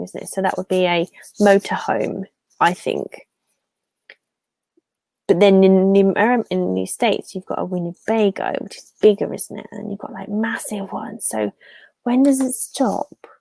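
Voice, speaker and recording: An English woman from the Fens hosts a casual live stream, rambling and reading out comments from her viewers. Her voice is mellow and gravelly with a bit of fry. The sound is dry and close, with little room around it. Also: medium pitch, no echo. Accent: English, Fenland. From England.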